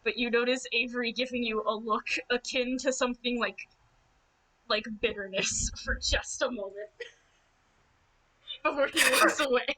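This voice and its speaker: A woman narrating a tabletop game as its game master, her voice a touch high. She tells the scene in a quick, amused way, dropping in casual swears. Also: fairly even intonation, pushed and bright, rough recording.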